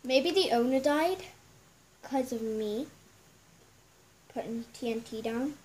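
A woman's voice: high-pitched, slow pace, darkish tone. A woman hosting a casual gaming video, giggling and chatting straight to her viewers as she plays. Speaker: gameplay video host.

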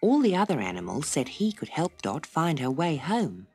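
A woman narrating a children's audiobook story in a gentle, expressive way. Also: deep voice, normal speed, slightly rough, no echo, soft background music.

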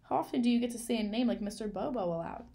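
A woman reading a children's novel aloud in a clear, measured storytelling manner. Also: fairly high pitch, dark tone. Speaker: reader.

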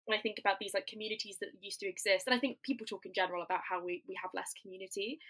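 A young woman with a bright, forceful tone chats as a podcast guest. Her speech is animated and full of "like" and quick restarts. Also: mid-range voice, poor audio. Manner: animated, filler-heavy, many restarts. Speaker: guest comedian. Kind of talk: casual podcast chat.

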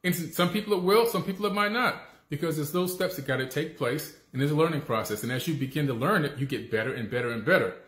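A man's voice: a little high, quick pace, hardly any pauses, fairly bright tone. A man giving a casual, emphatic motivational talk that repeats its key points and keeps asking "okay?". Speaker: motivational speaker. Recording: echoey room.

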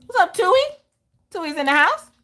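On her casual crafting livestream, this host speaks in a very high, expressive voice that sounds pushed and bright, keeping a moderate pace. She laughs and plays along as she welcomes viewers by name and reads out their comments.

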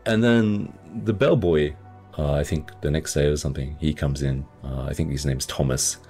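A man's voice: a bass voice, moderate pace, darkish tone, faint music behind. A man hosting a casual book podcast, loosely recapping a plot with lots of hedging fillers. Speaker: podcast host.

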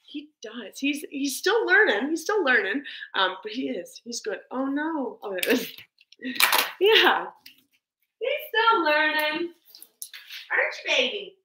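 A woman's voice: high-pitched, big pitch swings, a little slow, pauses often, sharp tone, a little hiss or hum. A woman hosting a casual livestream with her pet parrot, cooing baby talk at it and thanking viewers. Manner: coos baby talk to her bird, laughs often; reads out and thanks viewer comments. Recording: echoey room.

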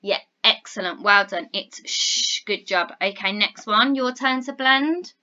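A woman teaching phonics to young children, encouraging and clear, sounding out words slowly. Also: medium pitch, bright, forceful tone, highs cut off. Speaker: primary school teacher.

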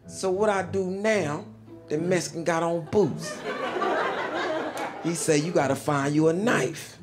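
Male comic, slow easy storytelling, acts out the voices, slightly raised pitch, music bed behind. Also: fairly even intonation. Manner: laid-back drawl, acts out voices, laughs at own lines. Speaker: stand-up comedian. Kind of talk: stand-up storytelling over animation.

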